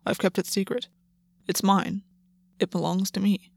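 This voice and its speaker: A woman voicing a quiet, stubborn male fae soldier who speaks low, calm and guarded. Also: normal speed, gravelly, breathy edge, dry recording, clean studio sound. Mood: small. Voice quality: soft, hushed. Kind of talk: audiobook character reading.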